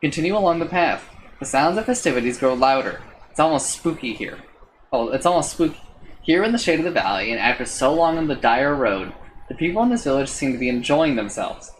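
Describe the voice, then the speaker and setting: A man's voice: medium pitch, expressive, brisk, slight background noise, low-quality recording. A man streaming, reading a text adventure aloud with casual, swearing asides.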